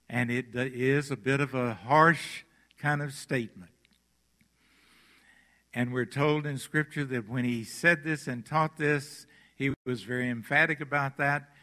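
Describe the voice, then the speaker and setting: A man preaching a sermon as pastor, retelling scripture stories slowly and with emphasis before leading communion and prayer. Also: medium pitch, sharp tone, in a large hall. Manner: slow, emphatic storytelling preaching.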